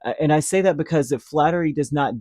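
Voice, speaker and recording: With a fast, rather high voice of darkish tone, a tarot reader runs through a casual reading, rambling with many fillers and slipping into little acted-out quotes. The recording is clean studio sound without echo.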